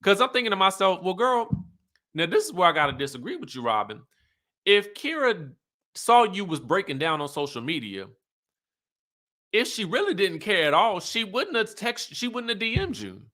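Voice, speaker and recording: A man hosting an online show, recapping in animated, chatty talk with emphatic asides. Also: high voice, normal speed. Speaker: YouTube host recapping reality TV. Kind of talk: casual chat.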